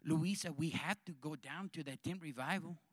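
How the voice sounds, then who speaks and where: A man's voice: a little high, normal speed, dry recording, clean studio sound, pitched below the performer's own voice, natural voice. A man preaching a sermon, voicing an eager young village boy in a put-on Spanish accent, speaking earnestly and urgently.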